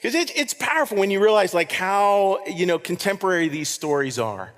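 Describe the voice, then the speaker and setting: A man preaching a sermon as pastor, animated, swinging from loud to hushed. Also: high voice, a little fast. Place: church hall. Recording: long hall reverb.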